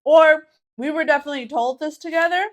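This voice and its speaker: A woman's voice: high voice, fast talker. A young woman co-hosting a podcast, teasing and playful in casual chat. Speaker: podcast co-host.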